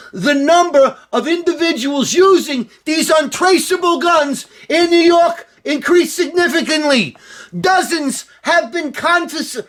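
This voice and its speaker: A man putting on a mocking impression of a blustering, pompous male politician, shouting his lines. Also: extremely high pitch, pitched above the performer's own voice, exaggerated voice.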